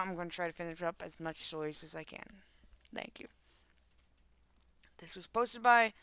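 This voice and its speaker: A young woman from the northern United States reads online stories on a live stream and breaks in with casual, profane asides. Her voice is bright and crisp. The close mic gives it a dry sound. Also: mid-range voice, no room sound. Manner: casual, swears and laughs in asides. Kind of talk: reading stories aloud with casual commentary.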